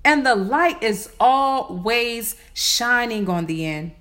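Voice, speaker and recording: Woman in her late twenties, high voice, self-healing vlog, repetitive affirmations, incantatory delivery. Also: expressive, slow pace, fairly bright tone. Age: 20s. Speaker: spiritual vlogger. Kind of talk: motivational self-care talk.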